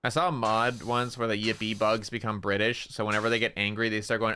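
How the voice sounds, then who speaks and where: A man's voice: lowish voice, fairly even intonation, quick pace, few pauses, sharp tone, slight background noise. A man chatting casually on a gaming stream, rambling through funny stories with lots of laughing and swearing. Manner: rambling, laughing storyteller who swears a lot.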